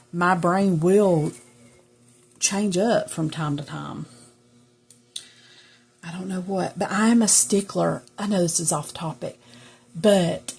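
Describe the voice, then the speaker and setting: A woman's voice: lowish voice, gravelly, darkish tone, slightly rough. A middle-aged woman with a Southern US accent, chatting casually and rambling to viewers while she journals. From Southern United States. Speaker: journaling vlogger. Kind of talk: casual chat while crafting.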